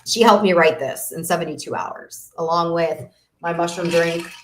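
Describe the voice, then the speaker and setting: Her pitch sits fairly low, her intonation is fairly even, and she talks at a normal speed. She is a woman business coach running a masterclass, delivering a faith-driven motivational webinar talk in an emphatic, preachy style with repeated phrases. Roomy echo colors the recording.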